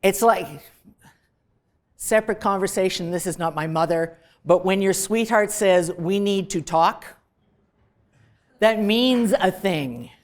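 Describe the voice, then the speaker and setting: A woman professor lectures in a direct, emphatic way. She is quick to dismiss clichés, and her voice sits at a middle pitch. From Canada. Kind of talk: recorded lecture.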